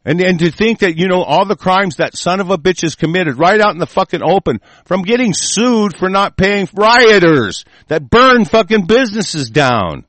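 An American man hosting an online show, delivering a profane, angry political rant that swings from muttering to shouting while sick. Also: sits high, lively intonation, moderate pace, few pauses, no room sound. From United States.

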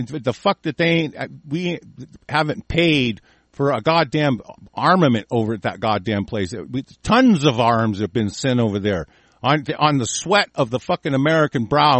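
A man hosting a small talk radio show, ranting with constant swearing, swinging between low muttering and angry bursts. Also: animated, moderate pace, no echo. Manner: profane, shouting in bursts, mumbling asides. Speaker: radio host.

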